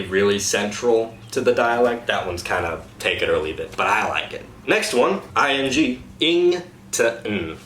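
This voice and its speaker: A man coaching a cast on dialect sounds in an upbeat, casual way, slowing down to demonstrate each sound. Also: fairly low pitch, fairly bright tone. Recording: echoey room, faint noise.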